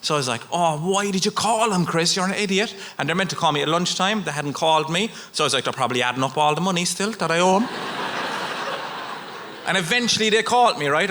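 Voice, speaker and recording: A man in his thirties with an Irish accent, performing a stand-up routine and acting out the people in his stories. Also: a little high. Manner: animated storytelling, acts out characters. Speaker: stand-up comedian. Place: comedy venue with audience.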